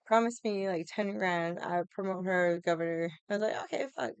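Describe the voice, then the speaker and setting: A woman vlogger telling stories in a casual, animated way, swearing often and acting out other people's lines. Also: on the low side, moderate pace, clean tone, dry recording. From Hawaii. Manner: animated, profane, laughs often, acts out quotes. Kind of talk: casual storytelling chat.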